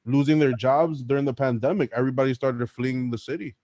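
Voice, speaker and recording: A man's voice: medium pitch, fairly quick, dark tone. A man from New York with a New York accent, chatting casually and emphatically in slang. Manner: slangy, emphatic street talk. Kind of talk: casual chat.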